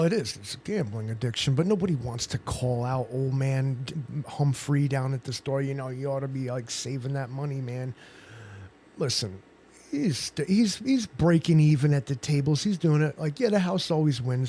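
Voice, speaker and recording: A man's voice: mid-range voice, dark tone, slight background noise. Rambling, joking man on a livestream. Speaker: livestream host. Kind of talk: casual livestream chat.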